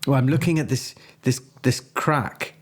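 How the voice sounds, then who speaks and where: A man's voice: mid-range voice, moderate pace. Stammering man playing a horror game. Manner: stammering, repeats words. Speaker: player. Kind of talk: in-character tabletop role-play.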